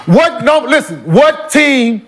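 A man on a podcast panel mocks the others with profane jabs in a heated debate. His voice is very high, with faint noise behind it. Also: big pitch swings, takes it slowly, fairly bright tone. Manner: mocking, profane, laughing jabs.

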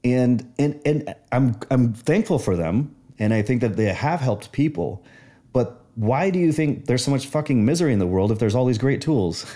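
A man's voice: mid-range voice, animated, moderate pace, warm tone. A man in casual conversation, sharing personal stories in an earnest, reflective way.

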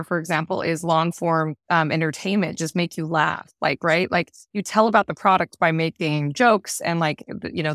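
A woman's voice: low voice, no room sound, clean studio sound. A woman hosting an interview, talking in an enthusiastic, chatty way with many fillers. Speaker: podcast host. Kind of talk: casual interview conversation.

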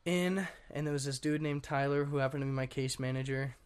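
A young man, a guest on an interview show, telling his story in a rambling, casual way, full of fillers and frequent throat clearing. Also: medium pitch, steady tone, brisk. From Washington state. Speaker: guest artist.

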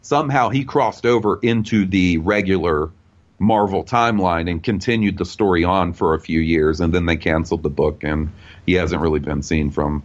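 A man's voice: low voice, normal speed, highs cut off. A man talking comics as a podcast guest, rambling with lots of fillers. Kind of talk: casual podcast chat.

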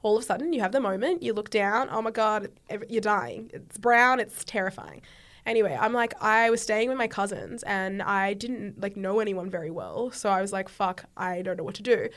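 A young woman, a podcast guest telling a story in casual chat and acting out the quoted lines with big swings in loudness. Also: medium pitch, moderate pace. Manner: animated, acts out quoted dialogue loudly.

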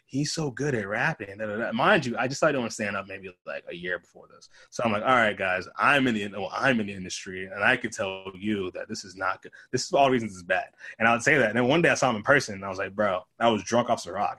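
A man's voice: on the low side, fast, husky. A young man from the Boston area, a comedian, telling stories in casual chat and acting out the people he quotes. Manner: animated storyteller, acts out quoted voices.

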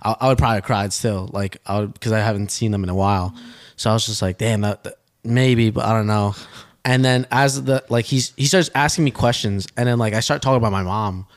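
A man's voice: fairly low pitch, fairly quick. Young man rambling through a story. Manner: rambling, animated storytelling with restarts. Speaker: podcast co-host. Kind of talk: casual storytelling.

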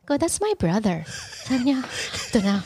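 A woman with a Filipino accent tells stories with real animation, her fairly high voice rising and falling widely as she moves between Tagalog and English. It is an easy, conversational podcast chat. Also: sing-song, fairly quick, dark tone, breathy edge. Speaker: podcast guest. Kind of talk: casual chat.

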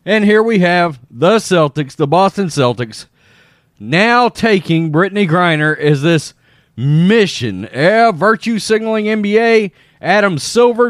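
A man's voice: high voice, dry recording, clean studio sound. A middle-aged man hosting his own sports show, ranting bluntly and with irritation in an opinionated monologue. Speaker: sports commentary host.

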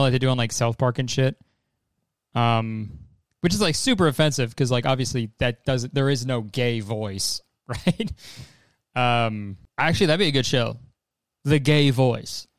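Young man, host, casual reaction vlog, rambling, swearing, smooth, dry. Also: mid-range voice, no echo.

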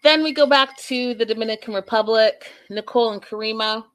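Her voice a little high and her pace fairly quick, a young woman runs through a reality show recap. She's casual, gossipy, and lively, laughing a lot and talking straight to the people watching.

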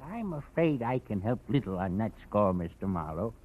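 Old man in his seventies, eccentric coin collector, rambling, hard of hearing, husky, tinny old radio sound. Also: on the low side, big pitch swings, moderate pace, soft background music. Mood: doddering. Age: 70s. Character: eccentric elderly male coin collector, doddering. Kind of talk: 1940s radio acting.

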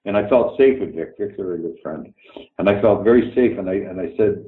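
A man's voice: sits low, brisk, reverberant, narrow, tinny audio. An older man from Canada with a Canadian accent, a guest telling candid, profane stories and acting out the dialogue. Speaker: guest actor. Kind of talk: casual interview storytelling.

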